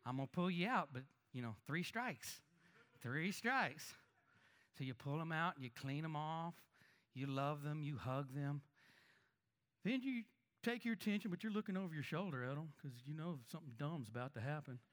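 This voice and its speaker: Pastor preaching in a lively conversational sermon. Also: male voice, fairly high pitch, fairly quick. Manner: conversational preaching with rhetorical questions to the congregation; swings between emphatic raised lines and quiet asides.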